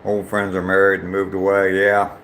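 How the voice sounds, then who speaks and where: A man's voice: deep voice, monotone, normal speed, fairly bright tone, slight background noise. Older man chatting on a live stream walk. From Ohio. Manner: reads viewer names aloud and chats back, with many ums. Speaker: livestream host. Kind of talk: casual live stream chat. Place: outdoors on a walk.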